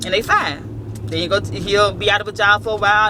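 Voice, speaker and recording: Brief: woman, frank and profane, advice vlogger, mid-pitched voice, cars going by outside. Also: fast. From Southern US. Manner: blunt, profane, storytelling with quoted voices. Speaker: vlogger giving work advice. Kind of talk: casual advice talk. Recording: outdoor traffic noise.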